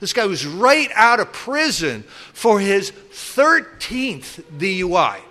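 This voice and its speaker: A middle-aged man in recovery telling stories from his drinking past in a casual, animated way, acting out other people loudly and restarting his sentences often. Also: sits high, slow. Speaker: recovering alcoholic sharing his story. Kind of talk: casual storytelling talk.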